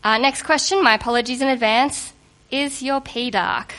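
Higher-voiced woman preaching casually. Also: normal speed. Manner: lively, conversational and humorous. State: recovering from a cold. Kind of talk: sermon.

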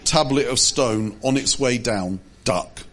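A man putting on a pompous, booming voice of God making a grand proclamation, with a husky tone. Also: slow pace, a bit bright. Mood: mock grand. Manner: pompous, mock-grand announcing.

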